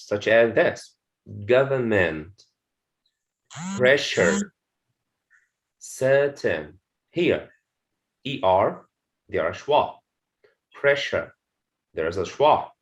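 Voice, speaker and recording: Slow-paced male English teacher. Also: medium pitch, low-quality recording. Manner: slow and repetitive, says words twice to model them; frequent "okay" fillers. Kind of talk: slide-based lesson.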